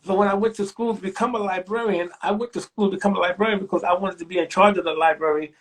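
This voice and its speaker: A man in his sixties, a library director, telling stories in an interview and acting out the voices of the people he quotes. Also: fast. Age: 60s. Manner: animated storyteller, acts out quoted voices with big pitch jumps. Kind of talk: storytelling interview.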